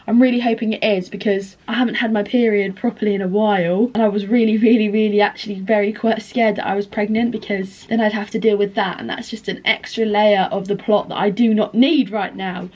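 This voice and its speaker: A woman's voice: medium pitch, brisk, hardly any pauses. A young woman talking straight to camera in a casual vlog, rambling candidly between topics with sardonic asides and plenty of swearing. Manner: animated, jumps between topics. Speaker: vlogger.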